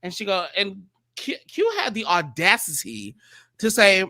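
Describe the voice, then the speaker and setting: A man hosting a casual panel chat, animated and quick to act out other people's lines. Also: sits high, dry recording. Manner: animated, quotes people in exaggerated voices. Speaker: panel host.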